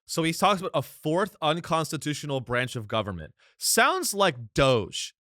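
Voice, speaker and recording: A man's voice: fairly high pitch, big pitch swings, normal speed, no echo, studio quality. Sarcastic, ranting male podcast host. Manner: sarcastic, ranting, swings to loud outbursts. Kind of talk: comedic political commentary.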